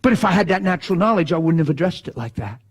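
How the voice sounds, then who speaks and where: A man preaching, telling a story in a hushed voice and then breaking into shouted bursts. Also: high-pitched, expressive, rapid-fire, breathy edge. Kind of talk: sermon storytelling.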